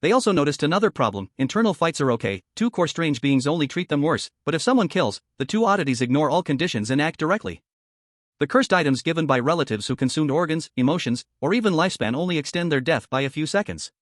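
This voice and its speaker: Brief: male narrator for a horror web story, steady and even, slightly high voice, dry close mic. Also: fast, dry recording.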